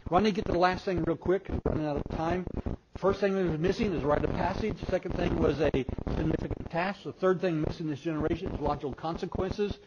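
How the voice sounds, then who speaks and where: An older man speaking at a parenting seminar, a folksy storyteller who quizzes the audience and swings from loud excited bursts to soft, close asides. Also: fairly high pitch, muffled recording, heavy background noise. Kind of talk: live seminar talk with audience questions.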